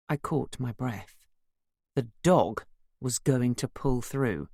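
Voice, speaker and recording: A woman narrating a first-person novel as an audiobook, measured and wry. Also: a bass voice, gravelly, dark tone, no echo, clean studio sound.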